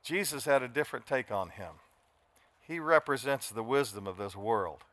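Bright-voiced older preacher. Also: male voice, mid-range voice, expressive, moderate pace, dry recording. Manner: dramatic, shifts from soft to shouting. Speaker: pastor. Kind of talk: sermon.

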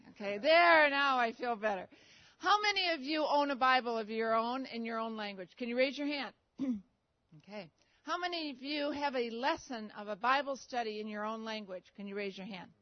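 A woman's voice: a little high, dry recording. A woman presenting her ministry to an audience in a friendly, plain-spoken way. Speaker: ministry guest speaker. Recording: dry, muffled lo-fi sound.

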